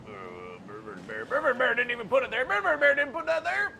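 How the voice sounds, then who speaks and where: A man playing a taunting trickster villain who speaks of himself in the third person, with wild swings between loud and soft. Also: extremely high pitch, wildly swooping pitch, fast, vocal fry, exaggerated voice. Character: menacing male trickster calling himself Bird versus Bear. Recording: noisy background.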